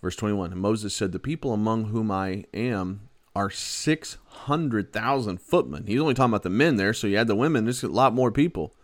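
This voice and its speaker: A man giving a sermon, reading old scripture aloud and then retelling it in lively everyday words. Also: fairly low pitch, moderate pace, hardly any pauses. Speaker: preacher. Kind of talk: Bible-teaching sermon.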